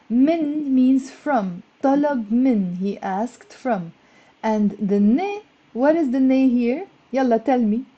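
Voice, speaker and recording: A woman's voice: a little high, mellow, highs cut off. Chatty woman teaching a live lesson. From Lebanon. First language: Lebanese Arabic. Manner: chatty, encouraging, greets viewers by name; stressed and slightly flustered. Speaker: Arabic teacher. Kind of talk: live-streamed language lesson.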